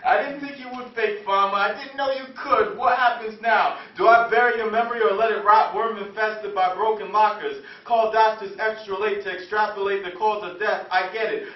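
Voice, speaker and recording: A man from New Jersey performing spoken word poetry in an earnest, confessional, rhythmic way. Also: sits high. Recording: echoey room, far from mic, dull lo-fi sound.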